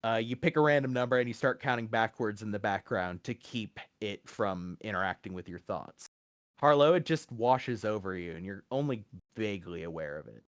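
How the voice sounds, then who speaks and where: A man narrating as game master, relaxed, with frequent fillers and easy laughs. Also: lowish voice, normal speed, dry recording, studio quality.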